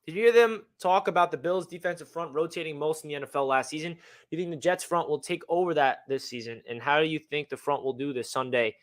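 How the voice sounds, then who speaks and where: A man hosting a casual sports fan livestream, talking in a hyped, excitable way. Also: a little high, quick pace.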